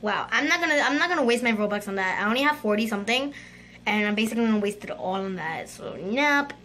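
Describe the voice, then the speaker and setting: A woman hosting a gaming channel, giving excitable let's-play commentary and chattering to her viewers. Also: fairly high pitch, fast.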